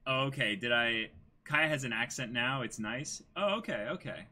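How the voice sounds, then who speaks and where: A man's voice: medium pitch, animated, moderate pace, bright, forceful tone. A man co-hosting a comic reading, making laid-back asides between pages. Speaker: co-host reading aloud. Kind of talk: casual chat between reading.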